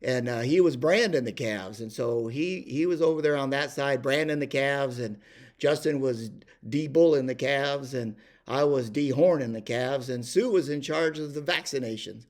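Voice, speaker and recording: A man's voice: mid-range voice, moderate pace. An older man telling a rambling ranch story, full of fillers and restarts. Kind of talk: casual spoken storytelling.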